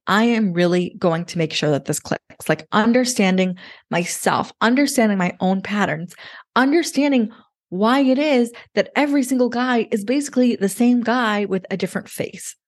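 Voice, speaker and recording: A woman in her thirties, a podcast guest, telling her story in a chatty way with lots of "like" and quoted thoughts. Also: mid-range voice. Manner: chatty, lots of "like", relives moments in quoted inner voice. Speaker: podcast guest, dating coach. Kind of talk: casual interview storytelling.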